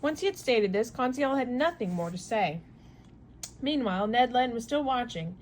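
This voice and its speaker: A woman reads a classic novel aloud in steady narration, stumbling now and then over a word. Her voice sits fairly high. A faint hiss runs under it. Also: normal speed, poor audio. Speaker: reader.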